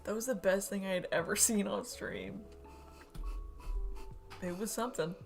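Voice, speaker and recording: A woman's voice: mid-range voice, normal speed, creaky, faint music behind. Chatty young woman streaming a build. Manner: chatty, joking, laughs often. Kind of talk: casual chat while building model kits.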